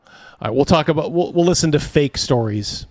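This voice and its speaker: A man's voice: on the high side, expressive, a little fast, no room sound, clean studio sound. A man hosting a livestream, reacting to clips with rambling talk, crude jokes and frequent laughter. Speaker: host. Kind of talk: casual livestream reaction chat.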